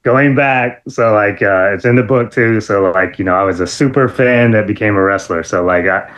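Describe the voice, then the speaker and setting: A middle-aged man, a former wrestler, telling animated stories as an interview guest, excitable, with many fillers and sudden high-pitched outbursts. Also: normal speed, dull audio. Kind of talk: animated storytelling.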